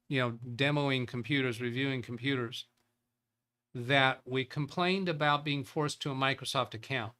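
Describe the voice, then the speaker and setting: A man with a bright, sharp-edged voice hosts a casual live tech show at an ordinary middle pitch. He reads out viewer chat and thinks aloud as he works, rambling and chuckling between points. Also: smooth. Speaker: tech livestream host.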